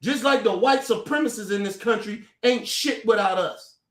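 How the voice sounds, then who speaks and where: A high-pitched man, a commentator, unleashes a heated, confrontational rant to camera at a normal speed. Cursing as he goes, he stumbles and repeats his words, recorded in an echoey room.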